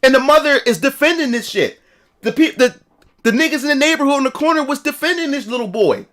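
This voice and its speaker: A man's voice: very high voice, lively intonation, quick pace, fairly bright tone. A man telling a story in a casual livestream rant, profane and repetitive. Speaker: streamer.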